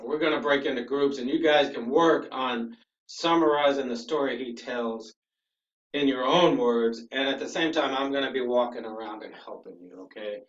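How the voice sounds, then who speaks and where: A man's voice: medium pitch, a bit bright. A man teaching a class, explaining things patiently and often checking in with "okay?". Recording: echoey room from a distance, dull sound.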